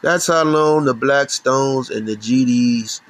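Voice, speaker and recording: A rough recording with no echo catches a middle-aged man from Chicago hosting his channel in a profane, heated religious rant. His mid-range voice is slow, and he often stumbles before restarting a sentence.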